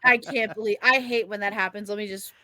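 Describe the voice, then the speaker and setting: A young woman, co-hosting a podcast and telling a rambling, animated story in casual chat, swearing freely. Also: mid-range voice, brisk. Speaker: podcast co-host.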